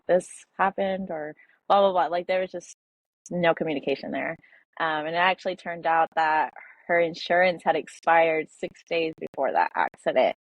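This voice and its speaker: Brief: young woman, lowish voice, hesitant personal storytelling, dry dull lo-fi audio. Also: no room sound. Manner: halting, filler-heavy, emotional retelling. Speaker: podcast guest.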